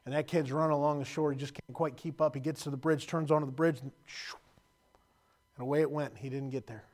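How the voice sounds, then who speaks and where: A man preaching a sermon, telling stories with emotion and moving from loud passages to quiet, hushed ones. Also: a little high, steady tone, fast talker.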